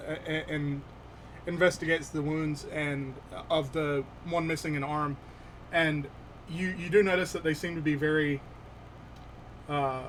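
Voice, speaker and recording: A man's voice: fairly high pitch, fairly bright tone, a little hiss or hum, low-quality recording. A man narrating as game master for a tabletop game, hesitant and full of fillers.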